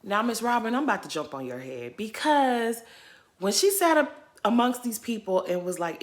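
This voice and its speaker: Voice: mid-range voice, sing-song, moderate pace. A commentator giving sassy, casual reaction commentary on a reality show, talking straight at the cast.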